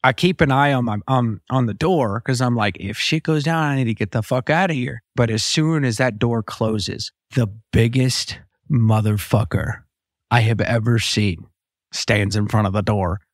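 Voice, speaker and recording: A man hosting a podcast tells a story in a loose, profane monologue. He slips into the voices of the people he quotes, and his voice sits at an ordinary pitch for a man. The recording is close and dry, with no room echo. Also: moderate pace. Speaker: podcast host.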